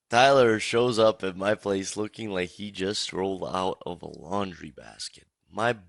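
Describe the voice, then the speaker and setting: A man's voice: on the low side, no room sound. A young man hosting his own storytime channel, telling a comic story in a casual, profane, exaggerating way. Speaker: storytime YouTuber.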